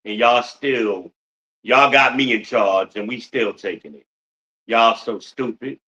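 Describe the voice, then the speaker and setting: Bright-voiced man ranting on a podcast. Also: mid-range voice, steady tone, measured pace, dull audio. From United States. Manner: blunt, profane, rhetorical questions to the audience. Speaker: podcast host. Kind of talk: profane ranting monologue.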